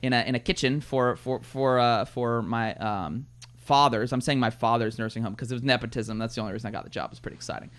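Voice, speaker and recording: A man co-hosting a casual film podcast, talking at a fast clip. He jokes in a boisterous way and swears freely, with a middling pitch. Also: a bit bright. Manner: rapid, boisterous, profane joking. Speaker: podcast co-host. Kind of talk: casual film review chat.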